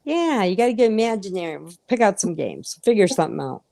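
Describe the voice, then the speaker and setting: Lively storytelling woman, dry close sound. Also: medium pitch, fast talker, gravelly, no echo. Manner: animated storyteller acting out quotes. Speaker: host of a live crochet chat. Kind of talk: casual chat.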